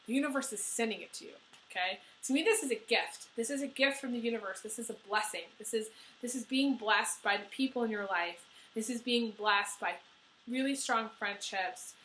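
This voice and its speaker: Woman tarot reader, teary and emotional, bright and a bit high voice. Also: reverberant, poor audio. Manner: emotional, teary, many fillers. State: crying. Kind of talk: tarot reading video.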